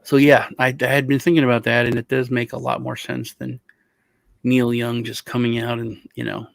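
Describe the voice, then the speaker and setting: A man hosting a casual chat, a rambling, animated storyteller. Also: mid-range voice, moderate pace, gravelly, no room sound. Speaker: host.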